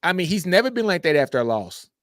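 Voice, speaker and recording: Guy co-host going on about the game, animated, keeps saying you know what im saying, dry close mic. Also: high-pitched, quick pace, no room sound. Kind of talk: casual sports talk.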